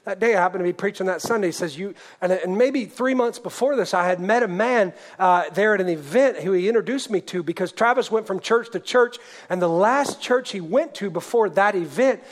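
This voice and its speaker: A man with a high voice delivers a sermon, recounting a testimony story. He speaks earnestly, dropping to a hush and then rising to a near shout. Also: brisk. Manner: earnest, swings from hushed to shouted. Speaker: preacher.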